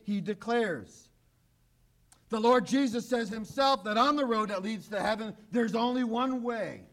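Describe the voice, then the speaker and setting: A man preaching a sermon with emphasis, swinging from loud declarations to quiet, low asides. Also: a little slow. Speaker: pastor. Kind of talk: radio sermon.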